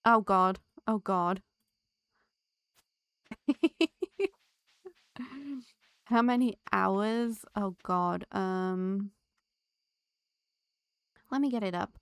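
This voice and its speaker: A woman's voice: mid-range voice, steady tone, takes it slowly, pauses often, fairly bright tone, clear, resonant tone, no room sound. A woman live-streaming a game, chatting to her viewers and laughing often. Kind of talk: live gameplay streaming chat.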